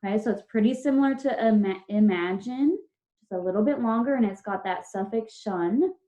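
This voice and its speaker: A woman with a warm, mid-range voice teaches children spelling over a video call, speaking a little fast. She goes step by step, patiently sounding out each syllable and letter, and the call audio is dull and lo-fi.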